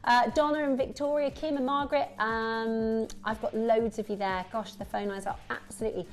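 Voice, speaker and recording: A woman presenting a live shopping show, chatty and excitable, with quick asides and repeated exclamations. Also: on the high side. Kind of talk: live sales chat.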